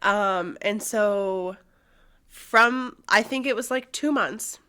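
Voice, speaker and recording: A woman's voice: medium pitch, slow pace, sharp tone, smooth. A young woman co-hosting a podcast, candidly telling a personal story, swearing freely and using many fillers. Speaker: podcast co-host.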